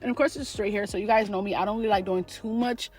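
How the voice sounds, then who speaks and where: A woman's voice: medium pitch, steady tone, quick pace, a little mellow. A woman giving a chatty, sassy hair tutorial straight to her viewers. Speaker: beauty vlogger teaching a wig install. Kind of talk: casual tutorial voice-over.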